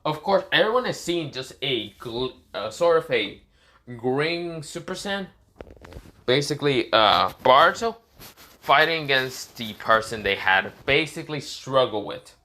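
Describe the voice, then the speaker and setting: Rambling, animated male storyteller. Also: mid-range voice, measured pace. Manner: rambling, self-correcting, many fillers. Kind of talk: casual improvised fan story narration.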